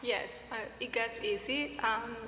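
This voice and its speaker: A woman's voice: fairly high pitch, unhurried, pushed and bright. A woman answering on a community panel, earnest and hesitant, speaking English as a second language. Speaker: immigrant panelist. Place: church hall. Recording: echoey hall, faint noise.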